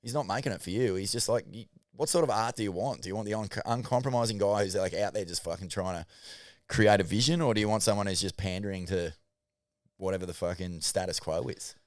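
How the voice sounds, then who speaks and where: A man co-hosting a podcast, talking in animated, sweary casual chat with halting restarts. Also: fairly low pitch, no echo, clean studio sound. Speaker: podcast co-host.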